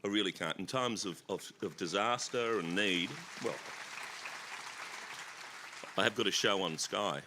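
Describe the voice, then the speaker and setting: A middle-aged Australian man speaking as a guest in an onstage conversation, animated and self-deprecating, often stammering and restarting. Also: low-pitched, measured pace, pauses often, a crowd in the background, background noise. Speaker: festival guest actor. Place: festival stage.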